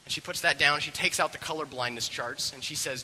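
A man's voice: medium pitch, a little fast, few pauses, in a large hall, slight background noise, low-quality recording. A man animatedly retelling a film scene, acting out the characters as he goes. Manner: expressive, acts out the characters' voices. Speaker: storyteller.

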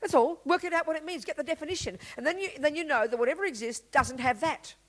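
A woman's voice: high voice, fast talker, poor audio. A woman giving a Buddhist teaching talk, blunt and emphatic, full of rhetorical questions. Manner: blunt and lively explaining.

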